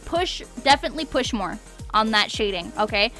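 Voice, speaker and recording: A woman's voice: on the high side, lively intonation, moderate pace, a bit bright, soft background music. A woman streaming a live art critique, encouraging, often checking in with "okay?" and repeating words for emphasis.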